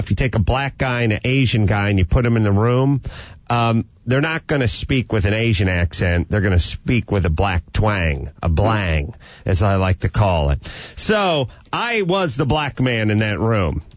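A man hosting a comedic talk show, telling stories in a loud, ranting way. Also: mid-range voice, a little slow, dry recording, dull audio. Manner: animated, ranting storyteller. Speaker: podcast host. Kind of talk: casual comedic rant.

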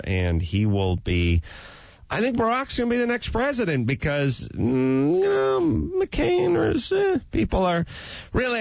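A man's voice: mid-range voice, creaky, no echo. A man hosting a talk show, chatting casually and riffing jokes on current events. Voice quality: joking, loose, riffing. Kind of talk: casual comedic chat. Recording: dull dry lo-fi broadcast sound.

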